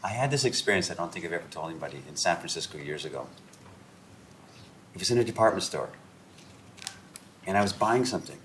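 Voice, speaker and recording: A Canadian author and host talks fast in a low-pitched voice, leaving long pauses as he tells stories at a round-table discussion. He acts out the dialogue with animation, and the room echoes with faint background noise.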